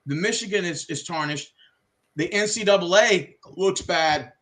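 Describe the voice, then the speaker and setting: A man hosting a casual sports chat, profane and excitable, slipping into mock wrestling voices. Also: high-pitched, normal speed. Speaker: podcast host.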